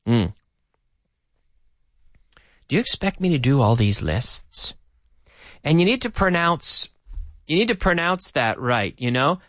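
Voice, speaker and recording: A man teaching English on a radio show, repeating each sentence slowly for learners in an animated way. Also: fairly high pitch, no room sound, clean studio sound. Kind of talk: radio language lesson.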